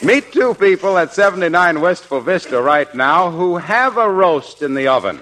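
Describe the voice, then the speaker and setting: A man announcing on old-time radio in a folksy, persuasive salesman's manner. His pitch rises and falls in a lively way, sitting a little high. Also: moderate pace. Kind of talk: scripted radio advertising read.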